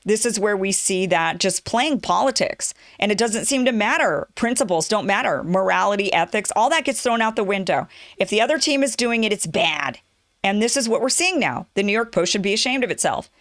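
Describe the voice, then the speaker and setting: A woman hosting her own political commentary show, talking in an animated, sarcastic way and mocking her opponents. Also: mid-range voice, fairly quick, no echo, clean studio sound. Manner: animated, sarcastic, mocks opponents in quoted voices.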